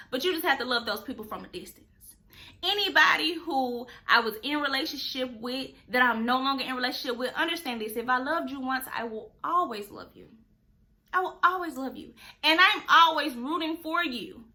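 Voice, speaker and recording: Bright-voiced emphatic woman podcaster. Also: sits high. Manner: preachy, emphatic, talks to listeners directly. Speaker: podcast host. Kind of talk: casual advice talk.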